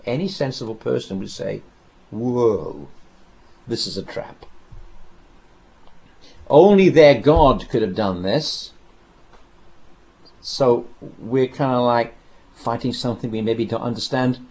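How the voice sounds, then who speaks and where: A man preaching a sermon, telling a scripture story with dramatic pauses and repeated phrases. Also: medium pitch, creaky, a little mellow.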